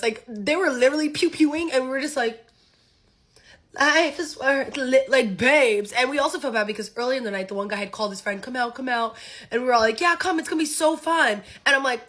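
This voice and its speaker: A young woman rattles through a casual storytime at speed in a bright, fairly high voice. She is animated and acts out each line of dialogue. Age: young adult.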